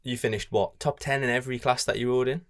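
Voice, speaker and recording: A man chats fast on a podcast, ribbing his co-host and swearing freely. His words tumble out in easy, mocking banter. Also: medium pitch, steady tone. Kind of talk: casual chat.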